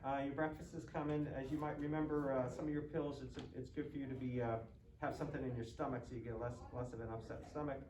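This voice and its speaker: A man's voice: medium pitch, little pitch movement, quick pace, distant mic, crowd noise. A male nursing student methodically talking himself through a practice medication round, step by step. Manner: methodical, thinking aloud step by step. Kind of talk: narrated skills demonstration. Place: simulated hospital ward with med cart. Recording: roomy, off-mic, faint background noise.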